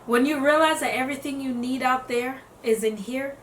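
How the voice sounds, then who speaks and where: A woman giving casual self-development advice to camera, lively, acting out what other people say and laughing often. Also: high-pitched, moderate pace, a little hiss or hum. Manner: animated, acts out quotes in voices, laughs often. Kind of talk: casual motivational talk to camera. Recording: echoey room, voice a bit off-mic.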